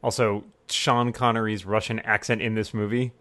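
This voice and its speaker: Wry, lower-voiced man hosting commentary. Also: little pitch movement, normal speed, a bit bright, no room sound. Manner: wry, joking. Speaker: podcast host. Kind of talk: casual movie commentary chat.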